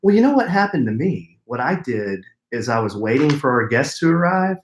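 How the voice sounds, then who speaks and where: A man chatting on a podcast, telling stories with a playful, joking edge. His pitch leaps and dips all over the place, and his voice carries a noticeable room echo. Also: normal speed, slight background noise. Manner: animated, jokey storytelling with big pitch jumps. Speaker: podcast co-host. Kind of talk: casual chat.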